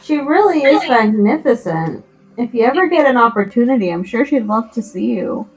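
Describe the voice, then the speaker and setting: Bubbly high-voiced woman player. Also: sing-song, normal speed, a little mellow, faint music behind, poor audio. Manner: playful, laughs easily. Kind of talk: tabletop game play.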